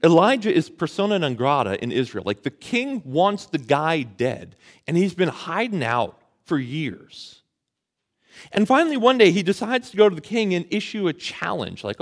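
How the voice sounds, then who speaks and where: A man's voice: a little high, very animated, normal speed. A man preaching a sermon in a conversational way, asking the audience questions and retelling a story with casual slang. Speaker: pastor.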